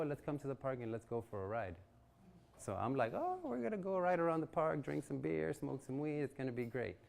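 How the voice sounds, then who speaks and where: Low-ish guy in his 40s telling a life story to a crowd, does the voices of his buddies, laughs a lot. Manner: animated storyteller acting out friends' quotes, laughing often. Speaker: guest speaker. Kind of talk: storytelling talk at a networking event. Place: event venue.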